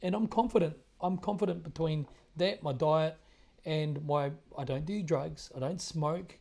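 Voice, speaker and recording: Kiwi guy ranting on his own show, bit high-pitched, emphatic, keeps repeating himself. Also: measured pace, creaky, warm tone. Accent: New Zealand. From New Zealand. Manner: emphatic, repeats phrases, impassioned. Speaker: independent broadcaster, show host. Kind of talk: monologue commentary on current events.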